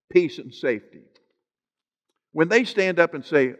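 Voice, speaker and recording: In a hall with long reverb, a pastor preaches a sermon in an animated, slightly high voice at normal speed. He draws out scripture phrases for emphasis and drops joking asides to the congregation.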